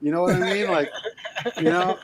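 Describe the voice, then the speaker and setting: Man, podcast co-host, casual chat, slightly high voice, animated, swears a lot, acts out movie lines. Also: normal speed, crowd noise.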